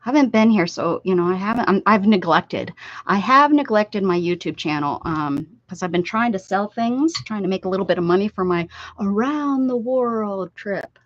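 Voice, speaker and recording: An older woman talks casually to her livestream viewers from her home craft desk, drifting between her work and their comments. Her voice sits at an ordinary middle pitch. The stream audio is a little dull and lo-fi. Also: expressive, moderate pace, dry recording. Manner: chatty, reads chat aloud and answers viewers.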